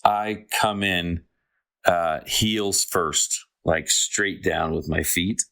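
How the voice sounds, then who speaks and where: A man's voice: low-pitched, steady tone, extremely slow, gravelly, pushed and bright. A man playing a tabletop game, describing his character's moves in a laid-back, jokey way. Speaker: player. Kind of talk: casual tabletop play.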